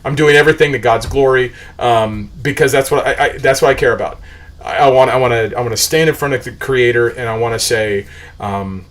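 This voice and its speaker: A man's voice: medium pitch, brisk, a bit bright. A middle-aged man hosting a livestream, mixing commentary with preaching in an emphatic, repetitive, rambling way. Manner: rambling, jumps between topics. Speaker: show host.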